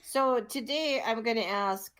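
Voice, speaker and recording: A woman's voice: on the high side, a little slow, a bit bright. A woman hosting a casual podcast chat, laughing often between her lines. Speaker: podcast host.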